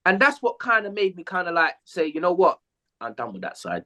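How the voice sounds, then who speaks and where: Man, casual podcast chat, animated storyteller, very lively pitch, swears freely. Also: fairly quick. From England. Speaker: podcast co-host, former footballer.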